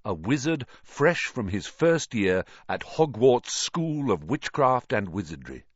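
A man reading a children's novel aloud as an audiobook narrator, with an expressive storytelling delivery. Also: medium pitch, measured pace, breathy edge, no echo, muffled recording. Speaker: audiobook reader.

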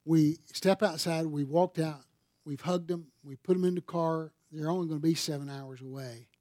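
An older man delivers a sermon, his voice sitting somewhat high for a man. He tells stories from the pulpit and presses harder and louder when he drives a point home. The sound is close and dry. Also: steady tone, normal speed, no echo. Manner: emphatic storytelling, swelling louder and higher on key points. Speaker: pastor. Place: church sanctuary.

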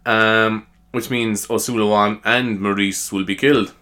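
Tired, rambling Irish podcast host. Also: male voice, fairly low pitch, steady tone, unhurried, pushed and bright. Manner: rambling, chatty, laughs at himself, tags "you know".

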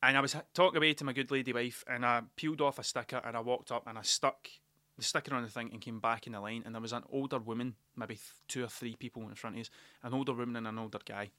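A man's voice: mid-range voice, steady tone, fast talker, sharp tone, no echo. A man with a Glaswegian Scottish accent, rambling through a sweary, wry story in a casual podcast monologue. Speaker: podcast host.

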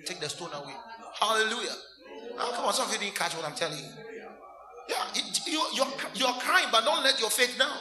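A man's voice: extremely high pitch, brisk, echoey room, over music. A man preaching a sermon as a minister, asking the congregation questions and acting out scenes with laughter and mock crying. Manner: animated, asks the congregation call-and-response questions.

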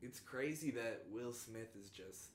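A man with a mid-pitched voice in casual chat. He swears freely and rambles, sounding incredulous. The recording has a roomy echo. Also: unhurried, noisy background. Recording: echoey room.

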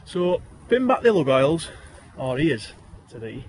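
A man with a broad Yorkshire accent recites rhyming verse in a lilting, sing-song rhythm, his voice sitting a bit high for a man. A faint hiss of ambient noise runs under the recording. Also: very animated, slow pace, a little mellow. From Yorkshire, England. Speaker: guest poet. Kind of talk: reciting rhyming dialect poems.

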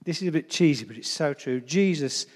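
Pastor guy giving a chatty funny sermon, kinda high voice, long echo of a church hall. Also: animated, fairly quick. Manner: chatty, humorous, addresses the congregation. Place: church hall before a congregation.

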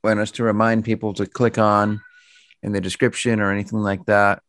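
A man's voice: fairly low pitch, little pitch movement, brisk, a bit bright, no room sound. A man hosting an interview, asking short curious questions in casual chat. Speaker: interview host.

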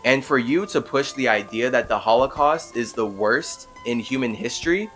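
A man's voice: mid-range voice, normal speed, a bit bright, faint music behind. A man hosting a podcast, telling a story in a rambling, casual way full of "like" fillers. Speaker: podcast host.

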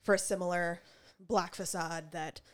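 A woman's voice: fairly low pitch, fairly even intonation, measured pace. A woman hosting a casual chat, asking curious questions and giving brief agreeing replies.

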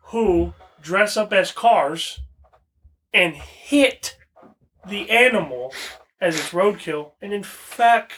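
A young man with a bright, slightly high voice riffs through crude, profane banter. He tells stories loosely and jokes constantly in a casual podcast chat. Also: lively intonation, slow, husky. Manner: profane, joking, storytelling. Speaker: podcast co-host.

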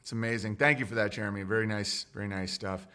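A man's voice: lowish voice, steady tone, fast talker, bright, forceful tone. A male livestream host in a casual monologue, reading viewer messages and giving blunt, opinionated takes.

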